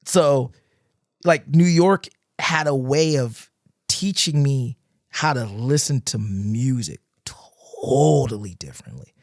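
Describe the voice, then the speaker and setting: A man on a podcast telling stories in casual chat, animated, swearing freely and acting out cheering friends. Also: on the high side, dry recording, studio quality. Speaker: guest dancer. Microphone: podcast microphone.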